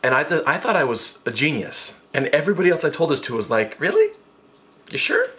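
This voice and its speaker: Brief: a man in his 20s, comic storytime vlogger, lively and self-mocking, quick squeaky jumps in pitch for quotes.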